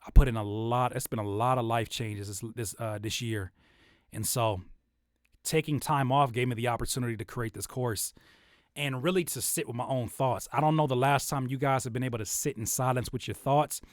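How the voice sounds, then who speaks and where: A young man talking casually about making videos, animated and loose with plenty of restarts. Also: mid-range voice, normal speed, no echo, clean studio sound. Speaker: YouTuber and rapper giving creator advice. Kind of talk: casual livestream-style talk.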